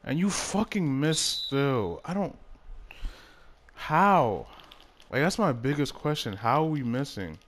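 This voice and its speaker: A young man giving casual commentary over a basketball video game, muttering one moment and yelling in frustration the next. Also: mid-range voice, expressive, moderate pace, few pauses, a little hiss or hum. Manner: swings from mumbled talk to loud frustrated outbursts. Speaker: gaming YouTuber.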